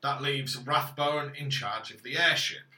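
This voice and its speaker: A man with a very bright, sharp-edged voice recaps a story in a plain, matter-of-fact way and drops in dry asides. He is recorded in an echoey room. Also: medium pitch, steady tone, measured pace, a little hiss or hum. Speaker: podcast co-host recapping the story. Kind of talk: casual chat.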